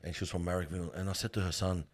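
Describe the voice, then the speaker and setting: A deep male voice with fairly even intonation comes at a very fast clip. He's a middle-aged funeral worker on as a guest, telling heartfelt stories conversationally in an earnest, emphatic, slangy way and calling the listener "bro."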